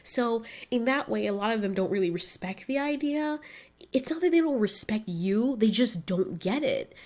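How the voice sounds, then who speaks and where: A young woman in casual chat, telling lively stories and acting out what people said, often breaking into laughs. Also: on the high side, normal speed. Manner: animated storytelling, acts out quotes with laughs. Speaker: vlogger.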